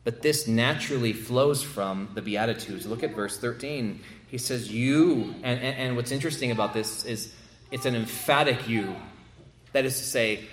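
A man's voice: mid-range voice, measured pace, echoey room, slight background noise. A male pastor delivering a sermon, emphatic and prone to repeating words as he builds a point.

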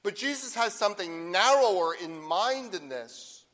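A man delivering a sermon from the pulpit, his voice high-pitched and bright. He keeps checking in with the congregation and slows down to read scripture aloud. The sound rings out with the long reverb of a large church. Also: animated. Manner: preaching with rhetorical "right?" asides, reading scripture slowly. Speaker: pastor.

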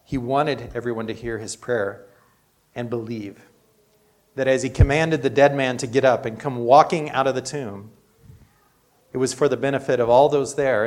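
A man's voice: medium pitch, a little mellow. Male pastor, everyday sermon delivery, earnest and chatty. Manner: earnest, conversational preaching with frequent "you know".

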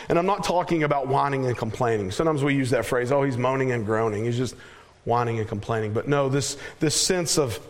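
A man preaching a sermon as pastor, earnest, often repeating words as he searches for a phrase and slowing down to stress scripture. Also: fairly high pitch.

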